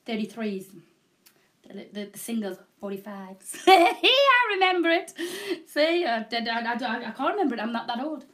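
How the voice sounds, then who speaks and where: Chatting casually with viewers on a live shopping channel, a middle-aged host speaks in a sing-song voice on the high side, fairly bright and at a moderate pace. She rambles, is self-deprecating, and is having a hot flush.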